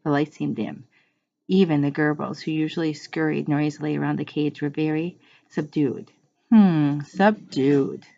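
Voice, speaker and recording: A woman reading a children's book aloud to a class like a teacher, unhurried, pausing to explain words and correcting her slips. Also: deep voice, level tone, gravelly, mellow, no echo. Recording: muffled lo-fi recording.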